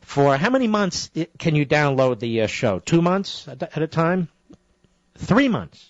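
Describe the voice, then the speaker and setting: A man's voice: on the high side, very animated, measured pace, no room sound. Combative male talk radio host. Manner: combative, rising to indignant shouting. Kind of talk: political talk radio monologue. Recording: dry, slightly dull radio broadcast audio.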